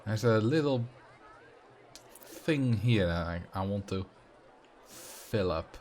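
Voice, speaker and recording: A man's voice: lowish voice, animated, slow pace, a little mellow, a little hiss or hum. Chatty streamer man. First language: Dutch. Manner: chatty, self-mocking, thinks aloud, reads chat. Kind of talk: casual livestream chat while building in a game.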